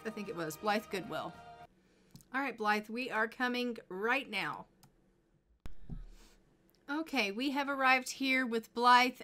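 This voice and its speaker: A woman's voice: mid-range voice, bright, forceful tone. A woman casually commenting on her life-sim gameplay, chatting to her characters as she plays. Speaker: gameplay streamer.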